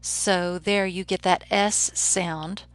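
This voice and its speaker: A woman professor giving a recorded lecture on poetry, explaining in a measured way and slowing down to read poem lines aloud. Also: fairly low pitch, steady tone, no echo.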